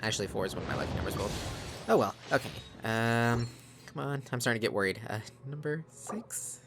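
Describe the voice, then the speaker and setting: A man's voice: mid-range voice, brisk, noisy background. A man hosting a let's play, chatting casually to his viewers on a desk microphone. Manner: chatty, addresses viewers as guys. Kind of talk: casual gaming commentary.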